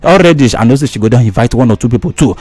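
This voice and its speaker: A man speaking Nigerian Pidgin, telling an animated story as he promotes an event and acts out the neighbors he quotes. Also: mid-range voice, very fast, dry recording. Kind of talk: promotional skit.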